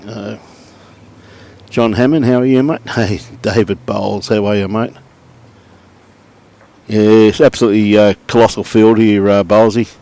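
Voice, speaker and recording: A middle-aged man with an Australian accent calls a lawn bowls match live in an easygoing, chatty way. His voice sits a little low. Between shots he greets viewers by name. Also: steady tone, normal speed, pauses often, warm tone. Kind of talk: live sports commentary and chat to viewers.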